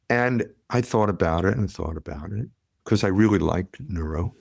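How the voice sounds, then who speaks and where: Middle-aged man, gravelly low voice, lively yarn-spinning guest, dry close mic. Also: normal speed, no room sound. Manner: animated storyteller, acts out quotes. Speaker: podcast guest, pediatrician. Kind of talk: conversational storytelling.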